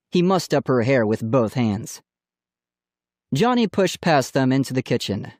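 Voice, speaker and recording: A man narrating a children's audiobook in a plain, steady storytelling voice. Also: medium pitch, unhurried, long pauses, dry recording, studio quality.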